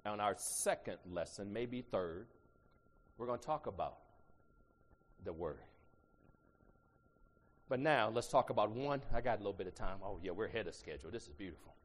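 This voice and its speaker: A middle-aged man from Ohio with an Ohio accent, preaching a sermon. He swings between shouted emphasis and low asides and draws the congregation into call-and-response. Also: lively intonation, moderate pace, pauses often. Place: church sanctuary. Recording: long reverb in a large hall.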